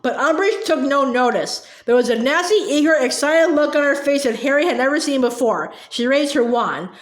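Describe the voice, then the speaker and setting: A woman narrating an audiobook in a steady, lightly expressive storytelling manner, with small slips, in an indoor room. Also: sits high, normal speed. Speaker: audiobook reader. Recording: roomy echo.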